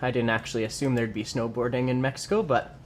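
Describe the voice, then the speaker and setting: A man's voice: medium pitch, steady tone, fast talker, a little hiss or hum. A young man chatting casually on a livestream from his home workout space, reading viewer comments aloud and answering them. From Canada. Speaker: livestreamer and lifter.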